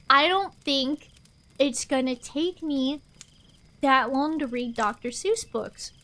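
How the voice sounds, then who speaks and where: Bright high-voiced woman streamer. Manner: chatty, rambling, answers chat aloud. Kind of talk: casual chat with a live stream audience.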